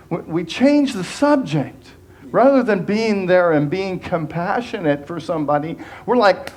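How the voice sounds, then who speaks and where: A man's voice: sits high, expressive, a little slow, darkish tone. Earnest male minister preaching. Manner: conversational and earnest, with restarts and quoted asides. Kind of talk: sermon.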